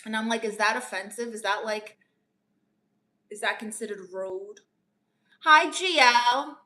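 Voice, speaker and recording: A woman doing a brash aunt, self-styled therapist, teasing, calls people honey, bright voice, a bit high. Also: measured pace. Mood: sassy. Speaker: live-stream comedian answering chat. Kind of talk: improvised live-stream character comedy.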